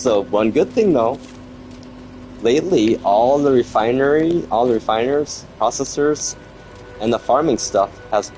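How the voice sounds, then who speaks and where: Low-voiced man rambling over gameplay. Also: darkish tone, low-quality recording. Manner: rambling, chatty, grumbles about the game. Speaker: gaming streamer. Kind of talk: casual gameplay commentary.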